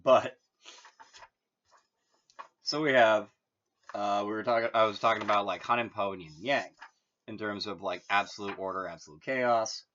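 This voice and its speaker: A man's voice: fairly low pitch, moderate pace, long pauses, a bit bright, lo-fi sound, slight background noise. A man from Massachusetts hosting his channel, explaining things in a loose, rambling monologue full of "like". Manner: rambling, heavy use of "like". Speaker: channel host.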